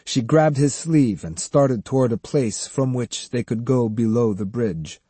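Husky, warm male audiobook narrator. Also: medium pitch, no echo. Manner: measured storytelling, many voices. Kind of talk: scripted narration.

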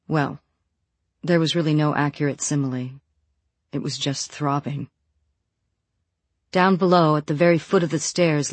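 An audiobook narrator reading a novel in an even, measured way. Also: mid-range voice, no room sound.

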